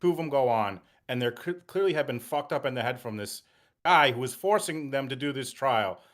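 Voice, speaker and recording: A man guesting on a casual commentary stream, explaining a case in an excitable, rambling, profane way. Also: mid-range voice, fairly quick.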